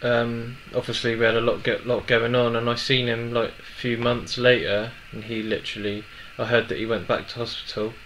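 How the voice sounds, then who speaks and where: A young man in his twenties telling a personal story in a halting, emotional way with many restarts. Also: mid-range voice, level tone, fairly bright tone, a little hiss or hum, rough recording. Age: 20s. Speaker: vlogger.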